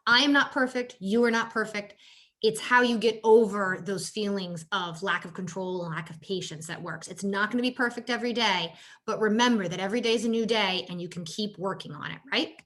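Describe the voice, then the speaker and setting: At a workshop on caregiver stress, a woman health coach speaks conversationally, often tagging on "you know" and "right?" She acts out quoted exchanges in a higher voice, and her delivery is a little fast and a bit bright.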